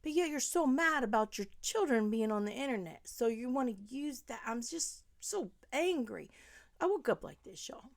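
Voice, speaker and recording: A fired-up woman with a drawl delivers a rambling, indignant rant to camera. Her voice sits a little high, and she swings between sharp outbursts and low, hushed asides. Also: expressive, fairly quick, few pauses. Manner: heated, rambling, addresses the subject directly, drops to whispers. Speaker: commentary vlogger. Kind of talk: angry commentary monologue to camera.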